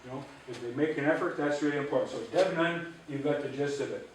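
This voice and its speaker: A man teaching an Ojibwe language class, patiently drilling syllables and repeating words slowly. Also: medium pitch, steady tone, heavy background noise. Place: library auditorium. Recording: echoey room, voice from a distance.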